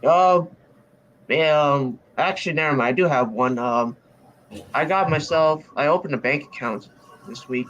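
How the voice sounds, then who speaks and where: A young man co-hosting a casual podcast chat, speaking in a halting, hesitant way with lots of restarts. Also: fairly high pitch, fairly bright tone, highs cut off, a little hiss or hum. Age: young adult. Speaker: podcast co-host.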